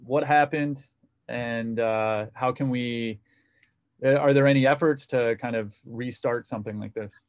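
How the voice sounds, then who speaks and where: A man interviewing a guest about labor organizing, speaking in a measured, reflective way. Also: mid-range voice, steady tone, dry recording. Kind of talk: thoughtful interview questions.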